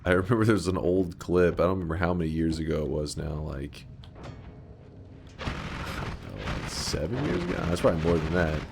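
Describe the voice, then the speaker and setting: Male streamer, low voice, swooping lively intonation, casual profane commentary, faint background hiss. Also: brisk, creaky. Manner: profane, chatty storyteller who breaks into loud excited yells at the game.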